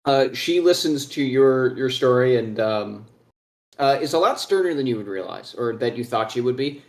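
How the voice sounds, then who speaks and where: A man's voice: mid-range voice, lively intonation, normal speed, a little mellow, roomy sound. A man narrating a tabletop game as game master, rambling through scene descriptions with many fillers.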